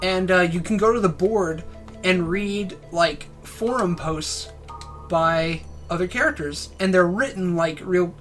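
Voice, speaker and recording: A man's voice: sits high, a little slow, fairly bright tone, soft background music. A man with a nasal voice, just over a cold, casually commenting while playing and reviewing a game. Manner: joking, rambling, trails off.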